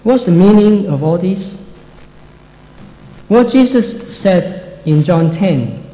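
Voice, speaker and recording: Slow, mellow man teaching the Bible. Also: sits high, expressive. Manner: slow, measured and reflective. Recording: echoey room with long reverb.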